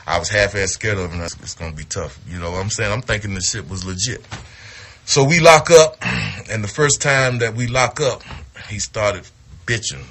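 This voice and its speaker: A man telling a story about his wrestling days in a casual, profane, animated way, acting out what people said. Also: fairly low pitch, normal speed, breathy edge. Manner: profane, animated, acts out quotes.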